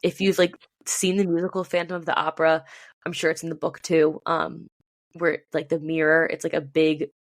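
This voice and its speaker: A young woman with a slightly low voice talks eagerly into a podcast mic, filling her sentences with ums and likes. The sound is close and dry, with no room around it. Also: flat delivery, normal speed, no room sound. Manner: chatty, many ums and likes, enthusiastic. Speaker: podcast co-host. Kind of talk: casual chat.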